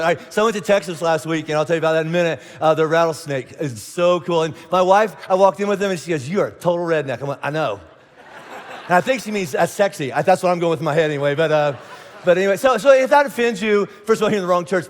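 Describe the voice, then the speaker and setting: A man's voice: high voice, in a large hall. A man, a pastor preaching a sermon with a joking, playful manner and banter with the audience. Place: church auditorium stage.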